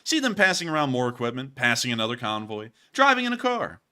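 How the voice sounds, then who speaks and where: A man's voice: medium pitch, very animated, fast, pushed and bright. A man casually commenting over war footage as host, joking and rambling and laughing at his own slips. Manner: jokey, rambling, laughs at himself.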